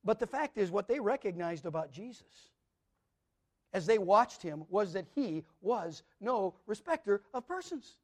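High-voiced preacher. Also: male voice, big pitch swings, measured pace. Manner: emphatic, repetitive preaching cadence, swinging from loud to quiet. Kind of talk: sermon.

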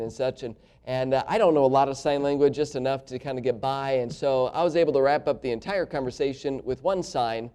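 A man's voice: medium pitch, steady tone, a little fast, dark tone, clear, resonant tone. A man preaching a sermon, telling a personal story in a folksy way, with many fillers and chuckles. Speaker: pastor.

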